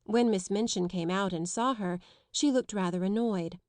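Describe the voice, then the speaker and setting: A woman's voice: medium pitch, a little mellow, no echo. Woman narrating a classic storybook. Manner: measured storytelling. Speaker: audiobook narrator. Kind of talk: scripted narration.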